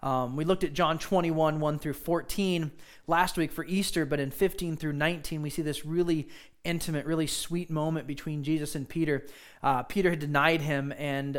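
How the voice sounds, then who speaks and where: A man's voice: a little high, fairly even intonation, moderate pace. A man preaching a sermon to his congregation in an earnest, conversational way, with frequent fillers and restarts. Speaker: pastor.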